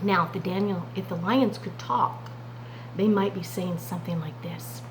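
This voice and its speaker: A woman Sunday school teacher telling a Bible story to children in an expressive way. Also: on the low side, normal speed, a little hiss or hum, low-quality recording. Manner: expressive, warm addresses to "friends".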